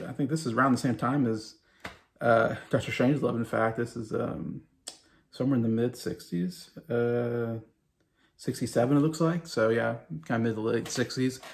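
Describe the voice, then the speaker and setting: Gravelly-voiced man rambling about movies. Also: mid-range voice. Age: late 30s. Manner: rambling, full of fillers and restarts. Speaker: movie review vlogger. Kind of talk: casual chat.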